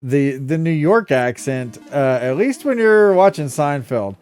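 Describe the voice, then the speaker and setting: A man with a Southern US accent co-hosting a casual gameplay chat, excitable, swearing and laughing at his mistakes. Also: fairly high pitch, a little slow, faint music behind. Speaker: podcast co-host playing a video game.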